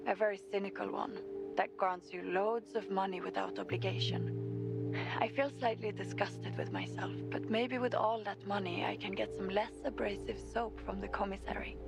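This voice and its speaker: An actress voicing Mel, a dry, cynical female colleague in a video game, speaking with a wry, deadpan delivery. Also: mid-range voice, moderate pace, gravelly, lightly acted. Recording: game dialogue with music under it. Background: game music.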